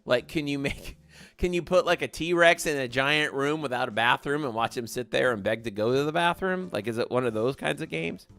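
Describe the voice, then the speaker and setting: Chatty male gaming streamer, bright voice. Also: mid-range voice, moderate pace, gravelly, no room sound, soft background music. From American South. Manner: chatty, upbeat, thanks viewers by name. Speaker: livestream gaming host. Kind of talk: casual livestream chat reading viewer comments.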